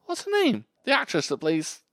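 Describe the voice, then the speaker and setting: A man co-hosting a casual podcast chat about films, animated and swearing freely, laughing easily. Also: sits high, moderate pace, no echo, studio quality. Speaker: podcast co-host.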